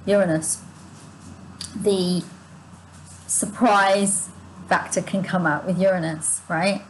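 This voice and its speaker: Halting, breathy-throated woman tarot reader. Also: fairly low pitch, fairly even intonation, slight background noise, low-quality recording. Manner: halting and searching, full of restarts and asides to viewers; sighs and yawns while reading. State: sore throat, short of breath. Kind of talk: spontaneous spiritual reading to viewers.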